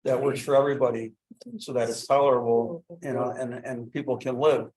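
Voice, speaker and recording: A man's voice: medium pitch, steady tone, a little fast, a little mellow, low-quality recording. Hesitant man at a village meeting. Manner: hesitant, many restarts and fillers. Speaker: village board member. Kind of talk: meeting discussion.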